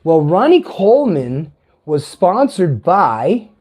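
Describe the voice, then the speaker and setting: A man in his fifties with a light tenor voice pitched a little high for a man, yet mellow and warm in tone. He rambles through a casual vlog monologue, swearing freely and correcting himself mid-sentence. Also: a little slow. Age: 50s. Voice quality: light tenor voice, not deep. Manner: meandering, profane, chatty with self-corrections. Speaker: vlogger.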